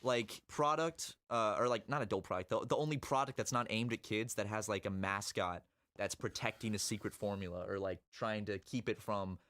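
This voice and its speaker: A man's voice: lowish voice, moderate pace, fairly bright tone. A young man chatting casually and crudely while playing a building game, rambling with lots of restarts. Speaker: gaming video host. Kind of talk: casual chat.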